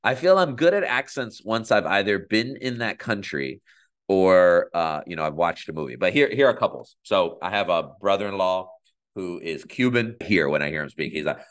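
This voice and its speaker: A man's voice: deep voice, moderate pace. A man, a pastor, chatting casually and playfully. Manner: playful, lively, trying out accents. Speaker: pastor and guest. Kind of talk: casual chat.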